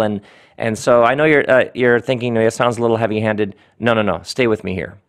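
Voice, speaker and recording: A middle-aged man hosting a podcast, telling a story with animated bursts and then slowing into weighty, reflective pauses. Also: mid-range voice. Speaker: podcast host. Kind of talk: reflective spoken monologue.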